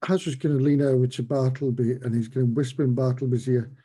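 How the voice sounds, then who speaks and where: A man's voice: medium pitch, little pitch movement, fast, warm tone, slightly rough. A man playing in a tabletop game, cracking wry jokes and asides. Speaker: player. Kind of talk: tabletop role-play chat.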